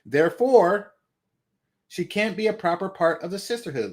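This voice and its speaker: A man's voice: high voice, expressive, normal speed. A man from the San Francisco Bay Area hosting a reaction video, mocking and laughing at a clip and swearing often. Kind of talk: profane reaction commentary.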